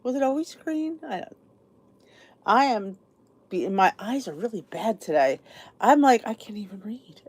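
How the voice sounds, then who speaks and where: Chatty, lively-pitched tired woman host. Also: normal speed. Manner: chatty, rambling, greets viewers by name. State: tired, sleepy. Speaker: podcast host. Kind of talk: casual live-stream chat.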